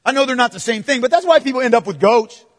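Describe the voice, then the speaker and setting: A man preaching a sermon, moving between forceful proclamation and hushed, playful asides to the congregation. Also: extremely high pitch, animated, fast talker, big-room sound. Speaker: pastor.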